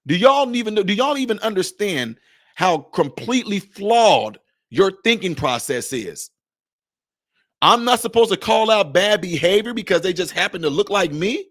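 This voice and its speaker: A man in his forties hosts a live stream, delivering impassioned, preachy commentary packed with rhetorical questions. His voice is high-pitched with big pitch swings and a slightly bright tone at normal speed, recorded dry and clean in a studio.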